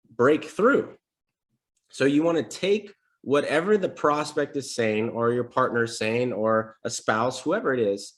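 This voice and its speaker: A man coaching salespeople on a live stream, talking casually and energetically and acting out sample sales calls. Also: medium pitch. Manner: energetic, conversational teaching with role-played examples. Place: home desk setup.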